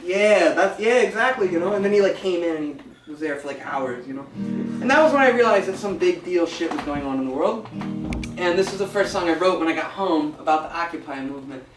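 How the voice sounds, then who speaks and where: An American man, a folk singer, casually telling a profane, animated story between songs at a live show in a small venue. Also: on the high side, brisk. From United States. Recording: roomy, distant live recording with music.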